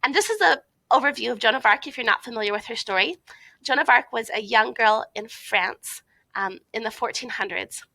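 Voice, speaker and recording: A woman's voice: on the high side, lively intonation, fairly quick, vocal fry, pushed and bright, dry recording, poor audio. A woman giving an informal recorded talk to a youth conference, chatty, with frequent fillers and asides.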